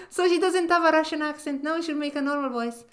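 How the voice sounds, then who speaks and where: A woman streamer giving excitable, gushing live commentary while playing a game. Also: high-pitched, fast, slight background noise.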